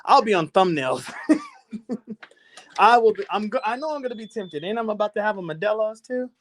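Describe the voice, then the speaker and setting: A man's voice: high-pitched, lively intonation, moderate pace, a little hiss or hum. Rambling, profane man streaming from his phone. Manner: loose, profane, laughing and rambling. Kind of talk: casual live stream chat. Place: walking around his house.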